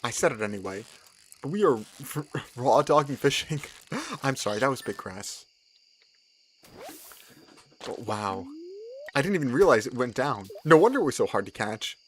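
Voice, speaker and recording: A young man, excitedly commenting on his gameplay, repeating himself and laughing often. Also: mid-range voice, moderate pace, long pauses, slight background noise. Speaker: streamer.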